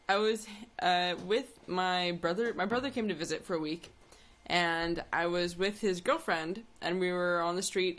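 A young woman co-hosting a casual chat, telling anecdotes and laughing along. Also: on the low side. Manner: animated, laughs through stories.

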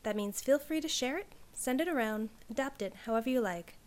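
A woman reading a first-person story aloud, hoarse and clearing her throat, redoing lines and laughing at her slips. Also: fairly high pitch, lively intonation, fairly quick. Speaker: audiobook reader and author.

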